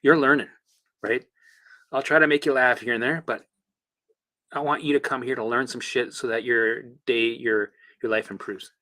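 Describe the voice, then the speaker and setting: A man hosting a casual livestream, coaching viewers through exercises in an animated, chatty way with the odd swear word. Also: medium pitch, normal speed. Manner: guides listeners through exercises. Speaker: host and recovery coach.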